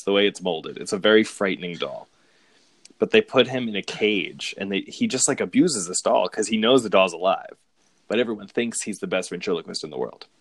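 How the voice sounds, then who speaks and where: Guy w a low voice rambling thru movie plots, amused, dry close mic. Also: fairly bright tone, no echo. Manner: rambling, amused, with frequent restarts and laughs. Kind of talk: casual chat recapping movies.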